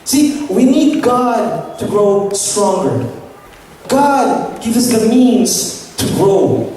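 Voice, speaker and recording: A woman's voice: medium pitch, drawn-out words. Woman preaching in an echoey hall. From Philippines. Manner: lively, often asks the audience "right?". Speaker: camp speaker. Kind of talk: sermon. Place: large hall at a church summer camp. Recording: echoey hall, distant mic, faint noise.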